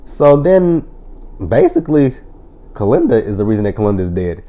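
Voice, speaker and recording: A man's voice: lowish voice, big pitch swings, normal speed, dark tone. A man casually recapping and reviewing a TV drama episode, blunt and profane, animatedly retelling scenes and quoting lines. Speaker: TV show reviewer.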